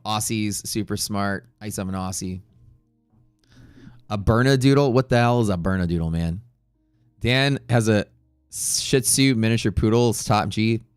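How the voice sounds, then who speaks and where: A low-voiced man hosts a live stream and rambles casually between topics, dropping curse words and joking asides. The sound is dry and close, and faint music plays underneath. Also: dry recording. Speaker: livestream trading host.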